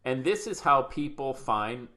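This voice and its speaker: A man's voice: medium pitch, lively intonation, a little slow, sharp tone. A middle-aged man teaching podcasting on a live stream, upbeat and chatty, greeting viewers by name. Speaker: podcast coach.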